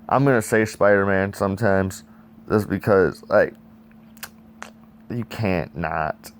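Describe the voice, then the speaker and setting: A man's voice: sits low, slow, pauses often, a little hiss or hum. A young man casually reviewing a comic book, rambling and swearing as he acts out scenes and adds sound effects. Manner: profane, excitable, sound effects and acted-out dialogue.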